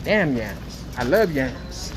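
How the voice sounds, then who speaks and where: With a mid-range voice that's very animated yet slow, a man films a casual vlog while shopping indoors at a supermarket. He playfully teases strangers and jokes with people walking by, and the store around him is noisy.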